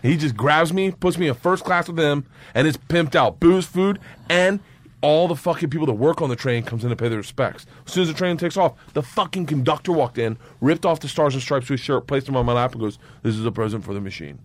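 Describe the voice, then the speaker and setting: A comedian man telling a wild story as a podcast guest, animated and profane, breaking into loud laughter. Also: on the high side, fairly quick.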